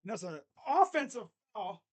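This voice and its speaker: A fan streamer calls a game live with casual, joking commentary. The voice swings widely, surging loud on big plays and dropping to murmured asides in between. The tone is sarcastic and very animated. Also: medium pitch, moderate pace. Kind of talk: casual live play-by-play reaction.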